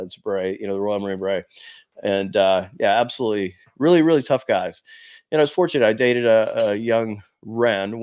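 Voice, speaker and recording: A man in his fifties from the United States, a former Marine, casually telling animated stories to camera with lots of "you know". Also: on the low side, no room sound. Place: small room before a green screen.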